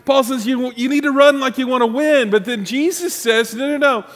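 A man's voice: extremely high pitch, normal speed, in a large hall. A man from the United States preaching a sermon, conversational and joking, teasing his congregation. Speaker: pastor.

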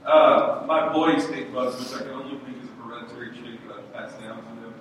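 Animated man preaching in an echoey church. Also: medium pitch, a little fast. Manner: animated storytelling, acting out voices. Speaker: pastor. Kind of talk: sermon. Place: church hall. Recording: echoey hall from far off, noisy.

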